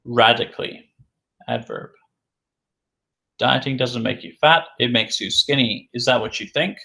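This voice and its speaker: A man teaching English vocabulary in a recorded lesson. He repeats each word several times, slowly and clearly, and answers his own questions. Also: mid-range voice, bright, forceful tone. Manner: asks questions and answers them himself.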